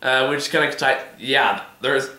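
Hoarse male vlog host, rambling and swearing, bright tone, roomy echo. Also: medium pitch, a little slow. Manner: rambling, filler-heavy, swears casually. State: hoarse, voice giving out. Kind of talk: casual TV episode discussion.

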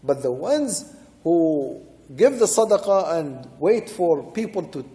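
A man's voice: on the high side, sing-song, slow pace, warm tone. A man teaching Quran commentary as a sheikh, reciting short Arabic verses and then explaining them in English, repeating key points for emphasis. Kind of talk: religious lecture explaining verses. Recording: long hall reverb.

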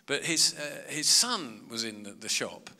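A man's voice: mid-range voice, big pitch swings, measured pace, pushed and bright. A man, a comedian and author, telling chatty, self-mocking anecdotes to a live audience. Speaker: comedian and author giving a talk. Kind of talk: storytelling talk to a live audience. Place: large public hall. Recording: long hall reverb.

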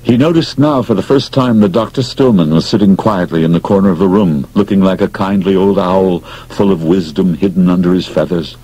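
A man narrating an audiobook in an expressive, dramatic storytelling manner. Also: low voice, brisk, hardly any pauses, husky, low-quality recording.

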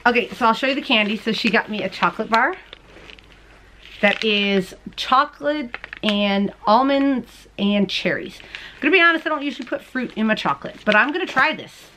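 Bubbly high-voiced woman host. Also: animated, moderate pace, pushed and bright, a little hiss or hum. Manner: bubbly and gushing, laughs often. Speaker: crochet and knitting podcast host. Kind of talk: casual mail-opening chat to camera.

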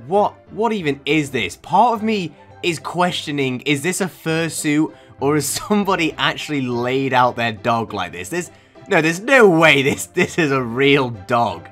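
A man's voice: a little high, animated, measured pace, a bit bright, faint music behind. A young man hosting a comedic reaction video, incredulous and sarcastic, breaking into laughter often. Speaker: YouTube reaction host.

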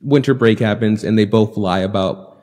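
A man with a low voice chats casually on a podcast, rambling through an anime recap and slipping into quick acted-out lines of dialogue. He swears freely and talks loosely. His voice carries a long reverb tail. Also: darkish tone. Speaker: podcast co-host.

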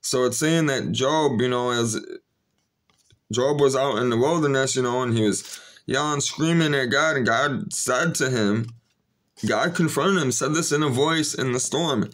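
A man's voice: medium pitch, unhurried, a bit bright. A man talking casually straight to his viewers in a rambling, earnest way, with frequent fillers and restarts. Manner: rambling, full of "you know" fillers and restarts. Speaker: vlogger. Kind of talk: casual spoken monologue to viewers.

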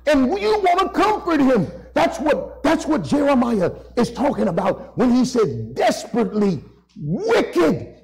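A male preacher with a strikingly high, gravelly voice delivers an impassioned church sermon. He speaks slowly, leaning hard on key words and urging the congregation to say amen. His pitch swings widely as he preaches. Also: darkish tone, rough recording. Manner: impassioned, drawn-out emphasis, calls for amens. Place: church sanctuary.

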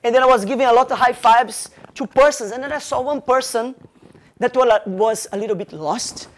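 A man from Brazil speaks English with a Brazilian Portuguese accent as a motivational speaker. He tells a story to a live audience in an animated way, chaining events with "and then" and acting out the dialogue. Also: very high voice, moderate pace.

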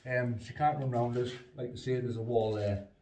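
A man's voice: mid-range voice, steady tone, moderate pace, mellow. Man, distant phone mic. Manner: plain, rambling, lots of fillers, short firm commands to the dog. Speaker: dog owner training his spaniel. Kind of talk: casual training demonstration. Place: indoors in a house hallway. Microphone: phone on the stairs, away from him. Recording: roomy, distant phone recording with faint noise.

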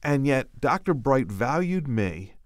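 A man's voice: mid-range voice, unhurried, no echo, clean studio sound. An older man, a podcast co-host, telling a personal story in casual chat and acting out the quotes. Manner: animated anecdotal storyteller, acts out quotes.

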